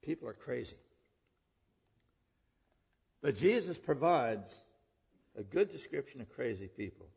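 A preacher who is also a public school teacher delivers an earnest sermon, frequently posing questions to the listeners. His voice is on the high side, gravelly, husky and darkish, and the recording is dull lo-fi with long hall reverb.

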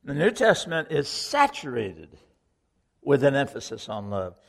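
A man's voice: medium pitch, huge pitch swings, a little slow, gravelly, long reverb tail. A man preaching a sermon to a congregation, earnest and questioning, repeating key lines for emphasis. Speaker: pastor.

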